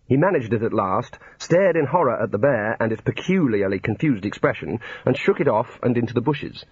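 A man's voice: mid-range voice, animated, fairly quick, a little mellow, breathy edge, no echo. A man narrating a comic fantasy novel in a dry storytelling manner. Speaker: audiobook narrator. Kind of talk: scripted narration. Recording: dull lo-fi recording.

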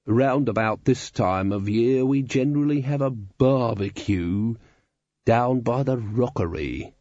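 Casting: slow, deep, menacing villager, put on by a man, storybook, muffled. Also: dark tone, no room sound, lightly acted. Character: menacing slow-voiced rural male villagers.

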